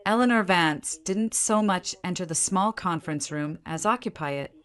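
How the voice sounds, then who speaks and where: Woman, storyteller, scripted first-person narration, steady, measured, low-pitched.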